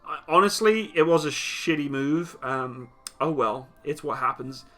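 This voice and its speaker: During a casual live Q&A, a young British man reads viewers' comments aloud and responds in a blunt, teasing way at an unhurried pace. His voice is a little high for a man and comes across bright and forceful, over faint, quiet music.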